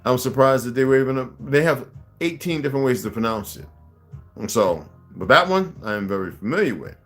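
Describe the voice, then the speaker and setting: An older man from the United States hosting a livestream, rambling and halting, often repeating words as he fiddles with his device. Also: mid-range voice, lively intonation, a bit bright, soft background music. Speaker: livestream host. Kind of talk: casual livestream talk.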